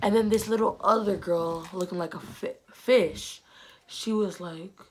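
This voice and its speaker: A woman's voice: fairly low pitch, a little slow, slight background noise. A teenage girl telling a storytime vlog in a chatty, slangy way, often dropping to a whisper. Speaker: vlogger.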